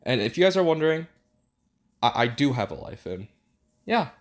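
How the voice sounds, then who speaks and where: A young man, a gaming YouTuber, commentates casually over his own gameplay in a sing-song, mid-range voice at normal speed. He hypes up his players and trash-talks the other side, recorded at home with background noise.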